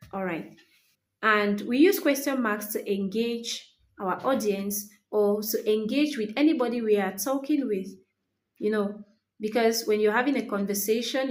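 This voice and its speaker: Woman teacher, higher voice, slow deliberate pace, repeats key phrases. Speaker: English teacher. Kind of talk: explaining punctuation lesson.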